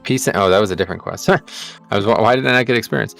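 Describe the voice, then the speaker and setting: A man with a fairly low voice streams an online game with a friend. He reads quest dialogue aloud in a plain, unperformed way and swears casually between quests. Faint music runs quietly underneath. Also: racing, creaky. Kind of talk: casual gameplay chat.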